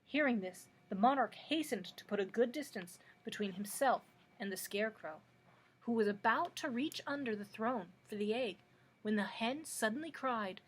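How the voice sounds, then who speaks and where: A woman librarian reading a storybook aloud in a plain, steady way, with a husky voice. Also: on the high side, normal speed.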